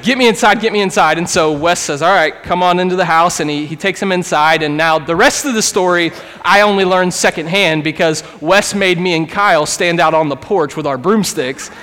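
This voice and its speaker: Male pastor, thirties, earnest sermon, casual storytelling, slightly raised pitch, long hall reverb. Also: fairly bright tone. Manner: earnest, conversational, acts out quoted voices. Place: church sanctuary.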